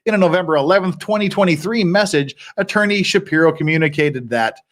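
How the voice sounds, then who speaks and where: A man's voice: on the high side, fast, a bit bright. Sarcastic man reading legal filings aloud. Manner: sarcastic, wry asides while reading. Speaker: legal commentary host. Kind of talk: live-stream legal commentary, reading court filings.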